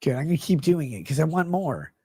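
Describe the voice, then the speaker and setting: A woman's voice: sits low, big pitch swings, brisk, mellow, slightly rough, dry recording. A woman in her thirties co-hosting a casual podcast, rambling through absurd jokes with laughs. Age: 30s. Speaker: podcast co-host. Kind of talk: casual comedic chat.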